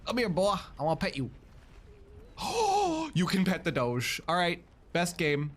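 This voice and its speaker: A man casually commenting on a game as he plays, excitable and joking, swearing and laughing often. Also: high voice, unhurried, a little hiss or hum. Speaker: streamer.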